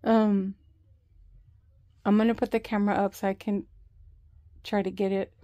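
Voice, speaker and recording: A woman vlogging a health update to a nearby camera, telling her story in a slow, rambling way with many fillers and restarts. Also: medium pitch, little pitch movement, warm tone, no echo.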